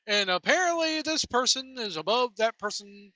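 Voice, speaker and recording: A woman's voice: high voice, very animated, normal speed, hardly any pauses, pushed and bright, no room sound. A woman giving a profane, mocking rant reacting to wrestling clips, talking while driving. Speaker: wrestling commentary vlogger. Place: in a vehicle.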